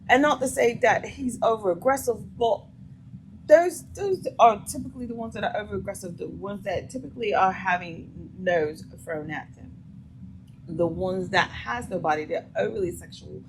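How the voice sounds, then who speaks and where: A woman's voice: mid-range voice, moderate pace, a little hiss or hum, low-quality recording. A woman hosting a vlog, reacting to a clip with blunt, emphatic opinions in a casual way. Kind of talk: casual commentary.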